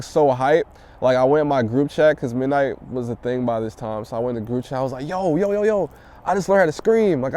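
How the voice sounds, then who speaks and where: A young rapper from the DMV area talks through his story outdoors in the city, cursing freely and getting animated. His voice is low-toned and mellow, smooth and resonant, and passing traffic sits behind him. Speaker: rap artist interviewee. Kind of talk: casual interview answers.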